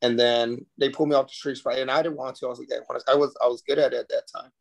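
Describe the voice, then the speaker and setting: A man's voice: medium pitch, flat delivery, very fast, vocal fry, muffled recording. A man telling his story as a podcast guest, earnestly and casually, with frequent restarts. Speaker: podcast guest, former Marine recruiter.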